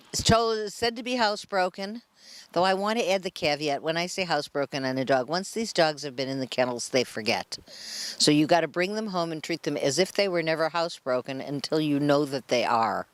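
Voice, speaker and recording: A woman hosting an animal show, introducing shelter dogs for adoption with heaps of praise and chatty asides to the dogs and crew. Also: low voice.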